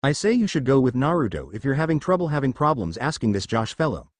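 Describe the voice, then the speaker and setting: A man's voice: medium pitch, very animated, fast, no room sound. A man voicing a kindly, mildly lecturing middle-aged father in a read-aloud story, close to his own voice. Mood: fatherly.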